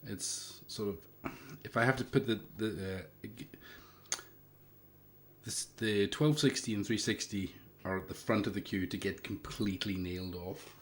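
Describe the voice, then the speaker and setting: A hobbyist hardware maker from the Isle of Lewis, Scotland, hosts a casual livestream, answering viewer questions in a rambling, hesitant way packed with fillers. His Scottish-accented voice is lowish and steady, at a measured pace, with slight background noise.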